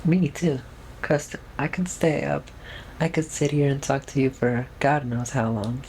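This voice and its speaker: At home alone with a camera, a young adult vlogger gives a casual, rambling update in a trained feminine voice, full of fillers and restarts. The voice is medium-pitched, a little slow and a little mellow, in a rough recording with slight background noise.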